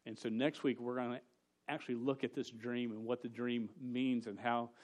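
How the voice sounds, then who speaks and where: A man preaching a casual sermon to a youth group. He tells a story with jokes and quick asides. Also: mid-range voice, little pitch movement, darkish tone. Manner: storytelling, joking, rapid asides.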